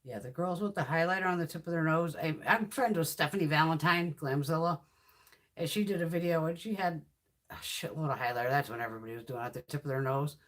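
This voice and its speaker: A low-voiced, fast-talking woman in her fifties swatches makeup on a casual livestream. As a beauty YouTuber, she's a lively, blunt storyteller who doesn't hold back on profanity.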